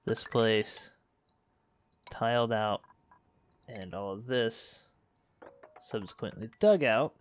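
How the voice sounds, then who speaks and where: A man's voice: fairly low pitch, takes it slowly, long pauses, a little hiss or hum. A man hosting a let's play, thinking aloud and correcting himself as he manages a space colony game. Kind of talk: casual gameplay commentary.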